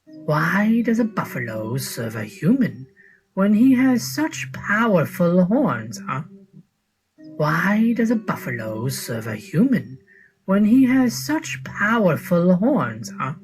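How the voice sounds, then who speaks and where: A woman reading a folk tale aloud as a recorded story narration, slow and measured. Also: lowish voice, very animated, soft background music, rough recording.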